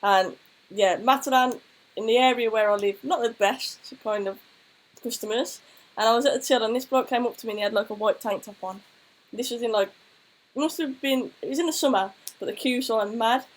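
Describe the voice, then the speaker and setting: Woman, football stream co-host, chatty, fairly high voice. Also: a little fast, low-quality recording. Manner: chatty, thanks viewers, tells anecdotes. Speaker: co-host of a football chat show. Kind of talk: casual live-stream chat.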